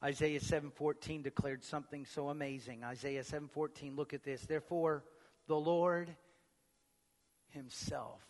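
A male pastor preaching a sermon, swinging between booming emphatic proclamation and hushed, near-whispered lines. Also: fairly even intonation, moderate pace. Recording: long reverb of a large hall.

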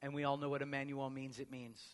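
A male pastor preaching a sermon, swinging between booming emphatic proclamation and hushed, near-whispered lines. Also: level tone, quick pace. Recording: long reverb of a large hall.

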